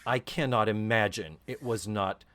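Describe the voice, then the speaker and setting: Speaking at normal speed in a lowish yet fairly bright voice, this podcast co-host keeps the chat casual and dramatic, adopting character voices when he quotes scenes.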